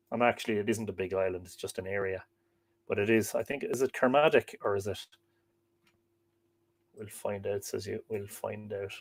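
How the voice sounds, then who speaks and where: A man's voice: lowish voice, moderate pace, no echo. A man hosting a live stream, reading a history book aloud and chatting with viewers' comments in a rambling, chatty way. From Ireland. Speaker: livestream host.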